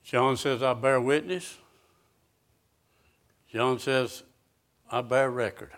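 Man preaching a sermon; unhurried, pointed delivery, leaning on each phrase, mid-pitched voice. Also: steady tone, fairly bright tone. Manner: slow, emphatic scripture reading with rising intensity; asks the congregation direct questions.

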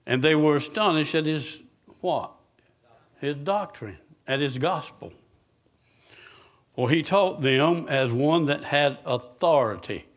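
A man's voice: fairly high pitch, takes it slowly. A man preaching a sermon, asking the congregation questions and answering them himself.

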